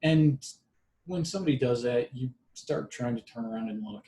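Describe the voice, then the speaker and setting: A man tells a personal story in a relaxed, casual way. His humor is dry and deadpan, and his voice sits at an ordinary middle pitch. The room adds a noticeable echo. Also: normal speed. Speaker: podcast storyteller. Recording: roomy echo.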